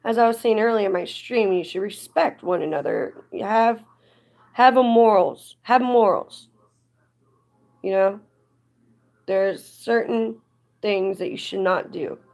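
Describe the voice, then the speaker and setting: A woman talking on her live stream in a loose, rambling way. Her pitch sits in the middle and she drifts from story to complaint with plenty of fillers. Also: measured pace, pauses often, darkish tone. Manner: chatty, rambling, indignant at times. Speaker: livestreamer. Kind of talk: casual live stream chat.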